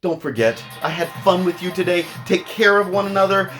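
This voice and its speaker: A man, a children's author hosting his own show, reading a picture book aloud in a theatrical, scolding-parent way, jumping from loud exclamations to soft asides. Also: sits high, brisk, soft background music. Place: at home.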